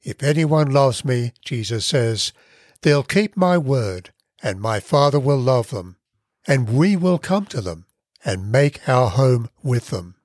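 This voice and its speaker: Husky-voiced man teaching the Bible. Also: medium pitch, animated, a little mellow, no echo, clean studio sound. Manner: measured, earnest reading with emphasized words. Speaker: podcast host and Bible teacher.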